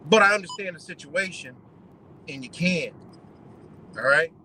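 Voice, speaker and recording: A man's voice: fairly high pitch, lively intonation, unhurried, pushed and bright, a little hiss or hum, rough recording. A man on a live stream giving blunt, profane commentary, lecturing his audience in a loose, heated rant.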